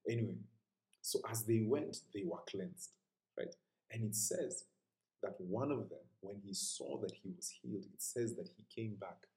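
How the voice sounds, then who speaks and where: A man preaching a sermon in an earnest, conversational way, at times sinking to a hushed whisper. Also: lowish voice, animated, measured pace, creaky, roomy sound, poor audio.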